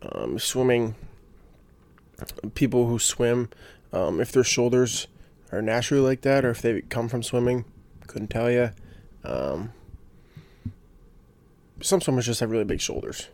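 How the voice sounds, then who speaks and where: A man's voice: mid-range voice, expressive, unhurried, pauses often, darkish tone. A young man hosting a casual solo podcast, rambling with lots of fillers and restarts and getting fired up about sports. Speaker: podcast host.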